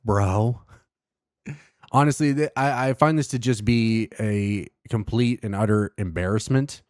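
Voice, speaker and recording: A man's voice: fairly low pitch, unhurried, darkish tone, dry recording, clean studio sound. A man hosting his own show in a casual monologue, ranting with sarcasm and profanity. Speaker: podcast host.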